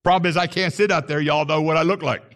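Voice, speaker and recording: High-voiced man preaching a sermon. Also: steady tone, fast talker, a bit bright. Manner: emphatic preaching, voice rises on key points. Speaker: pastor.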